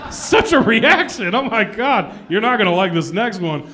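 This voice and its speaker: A man's voice: sits high, big pitch swings, measured pace, pushed and bright. A young adult man doing a self-deprecating stand-up comedy set on a club stage, laughing at his own jokes.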